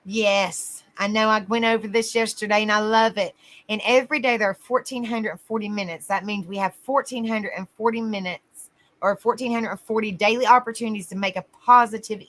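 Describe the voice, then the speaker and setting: A woman's voice: on the high side, fairly bright tone. A woman hosting a casual livestream, greeting viewers by name and calling them honey. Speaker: livestream host.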